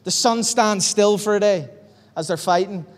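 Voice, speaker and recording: Man, pastor, sermon, high voice, long church hall reverb. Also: moderate pace. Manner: animated, acts out dialogue in character voices.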